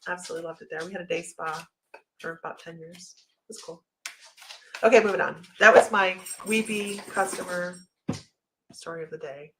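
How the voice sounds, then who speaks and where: A woman's voice: lowish voice, moderate pace, long pauses, a bit bright, a little hiss or hum, low-quality recording. A woman with a slight Southern American accent hosting a livestream, chatting casually and telling a story with lots of asides. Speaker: psychic livestream host.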